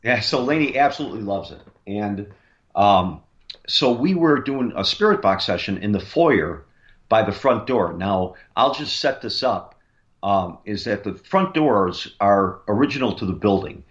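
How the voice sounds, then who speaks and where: A man's voice: on the low side, expressive, unhurried, highs cut off. A man, a paranormal investigator, tells a long story in a rambling way, with many fillers and restarts. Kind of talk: casual storytelling on a radio interview.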